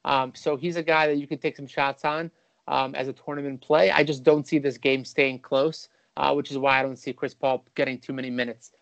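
A man hosting a fantasy basketball podcast, talking casually and quickly with a few restarts. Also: mid-range voice, little pitch movement, gravelly, a bit bright, dry recording. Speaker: podcast host.

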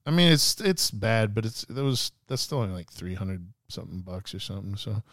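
A man's voice: lowish voice, expressive, fairly quick, fairly bright tone, no echo, studio quality. A young man on a podcast telling a story in casual chat, acting out the people he quotes. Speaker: podcast guest.

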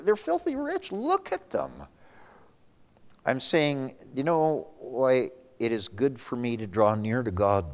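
A man's voice: mid-range voice, long reverb tail. A male pastor preaching a sermon, swinging between raised emphasis and sudden whispers, often repeating words as he restarts.

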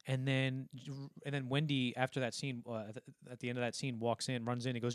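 A man's voice: medium pitch, level tone, clear, resonant tone, no echo, clean studio sound. Rambling man recapping a film. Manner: rambling, acts out film lines in quick impressions. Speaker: podcast co-host. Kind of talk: casual film discussion.

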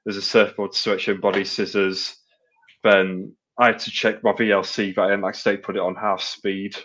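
Low-voiced blunt man. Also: flat delivery, brisk, fairly bright tone. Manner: blunt, sweary, rambling with many fillers. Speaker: podcast co-host. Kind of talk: casual wrestling review chat. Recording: dull lo-fi podcast audio.

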